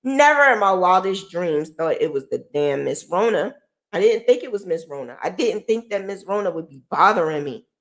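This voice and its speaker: A woman's voice: fairly low pitch, a bit bright. A middle-aged woman hosting a podcast, telling her own story in a candid, emotional way and swearing freely. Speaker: podcast host. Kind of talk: personal storytelling.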